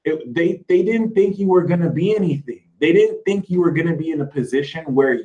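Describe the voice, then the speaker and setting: A man's voice: fairly high pitch, expressive, brisk, dark tone, highs cut off. A man speaking as an astrology reader, giving spiritual advice in an emphatic, sassy way and mocking imagined critics in put-on voices.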